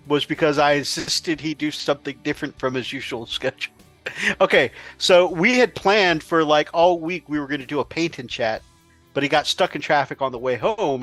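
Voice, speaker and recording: Higher-voiced man telling a lively story. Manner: animated storyteller, laughing often. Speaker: co-host. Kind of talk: casual livestream chat.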